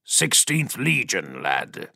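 A man voicing a huge armored male warrior giant who speaks in a low, vox-filtered machine growl, amused and stern. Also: sing-song, slow, vocal fry, sharp tone, breathy edge, dry recording, studio quality, exaggerated voice. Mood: approving.

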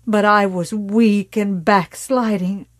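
A woman voicing a zealous, menacing religious mother who speaks in a slow, hushed preaching cadence. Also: mid-range voice, steady tone, dry recording, natural voice. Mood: fervent.

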